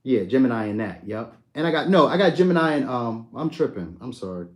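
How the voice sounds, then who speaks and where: A man's voice: medium pitch, lively intonation, a little fast. Laid-back man chatting on a live stream. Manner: laid-back, slangy, talks to viewers by name. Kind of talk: casual live chat reading comments.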